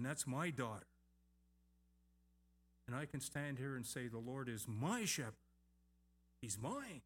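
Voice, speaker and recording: Middle-aged guy preaching, repeats stuff for emphasis, chatty asides, normal pitch. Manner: emphatic repetition, lively asides. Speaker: pastor. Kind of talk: sermon.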